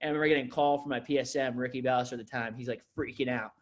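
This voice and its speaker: A man's voice: medium pitch, steady tone, racing. A man, a manager giving a loose, filler-heavy onboarding talk to his staff, full of restarts. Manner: rambling, filler-heavy storytelling with frequent restarts. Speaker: district manager.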